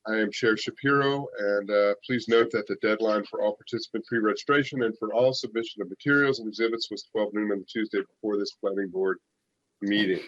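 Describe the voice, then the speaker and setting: A man's voice: on the low side, fairly even intonation, a little fast, a bit bright, dry recording, muffled recording. A man chairing a public planning board meeting, running through procedure steadily with filler uhs. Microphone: virtual call.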